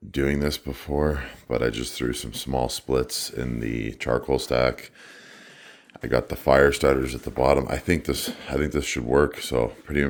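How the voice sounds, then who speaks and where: A laid-back man hosting his own barbecue cooking vlog, chatting casually and thinking aloud as he works. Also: extremely low pitch. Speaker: barbecue cook and show host.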